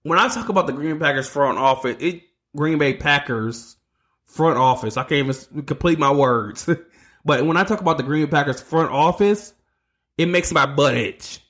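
Fairly high-pitched and bright, this man's voice moves at a normal speed as he hosts his own sports podcast. In a heated solo rant he curses and stumbles over his words.

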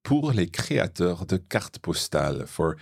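A man's voice: low voice, sing-song, a little slow, creaky, breathy edge, no room sound, studio quality. A man with a Scottish accent, hosting a language lesson and patiently explaining a text line by line. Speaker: French teacher and podcast host.

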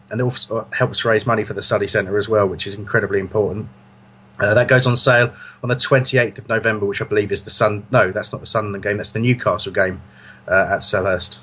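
A man's voice: lowish voice, a bit bright, breathy edge. Rambling podcast host, chatty man. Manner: rambling, self-correcting, chuckling. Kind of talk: casual football fan podcast chat.

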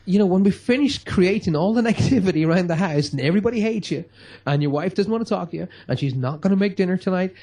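A man's voice: high voice, expressive, fast, few pauses, dark tone. A man giving an emphatic motivational talk, acting out quotes in a radio-style chat. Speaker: guest speaker.

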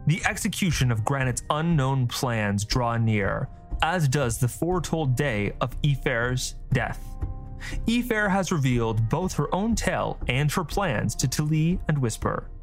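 Man, scripted fantasy narration, steady storytelling, mid pitch, faint music behind. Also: a little slow.

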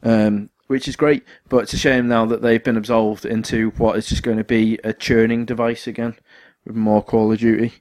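Rambling man with a fairly low voice. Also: flat delivery, moderate pace, hardly any pauses, a little mellow. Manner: rambling, lots of fillers and restarts. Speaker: podcast co-host. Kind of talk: casual chat.

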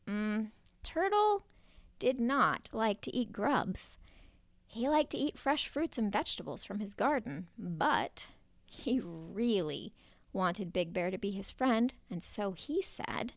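A woman narrating a children's story in a playful, expressive way, at times dropping to a whisper. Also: medium pitch, slow, no echo.

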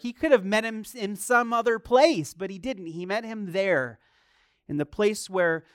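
A young man preaching a sermon, telling a personal story quietly and then building to loud, high-pitched preaching. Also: no room sound, clean studio sound. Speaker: pastor.

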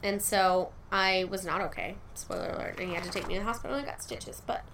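A young woman co-hosts a podcast with a joking, wry delivery, tossing in quick quips. Her voice sits at a middle pitch, with a light hiss of noise in the background. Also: fairly bright tone. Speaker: podcast co-host. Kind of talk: casual true-crime chat.

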